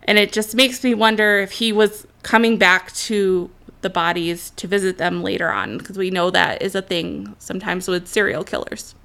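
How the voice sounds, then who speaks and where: A woman host walks listeners through a true crime case in a crisp, bright voice. She speaks earnestly, with her own feelings coming through in the telling. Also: medium pitch, normal speed, few pauses. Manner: earnest, openly emotional commentary.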